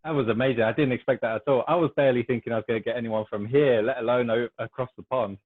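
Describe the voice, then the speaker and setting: Fast-talking British man on a tinny line. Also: medium pitch, fairly even intonation. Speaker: podcast guest. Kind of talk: casual chat.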